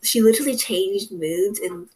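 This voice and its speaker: A young woman telling a story on a casual podcast, rambling and full of "like". She quotes the people she talks about, at a middling pitch. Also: moderate pace, a little mellow, a little hiss or hum. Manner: rambling, fillers like "like", quoting others. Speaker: podcast co-host.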